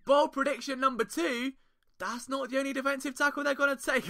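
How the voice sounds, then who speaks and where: A man's voice: very high-pitched, lively intonation, brisk, bright, forceful tone. A young English man with an English accent, hosting a solo sports podcast in a playful, jokey, sing-song way. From England. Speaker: podcast host.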